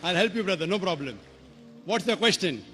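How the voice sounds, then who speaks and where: A man's voice: high voice, expressive, brisk, pushed and bright, a little hiss or hum. A man answering audience questions at a public debate, firm and direct, calling the questioner "brother". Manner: firm, repeats "brother", interrupts.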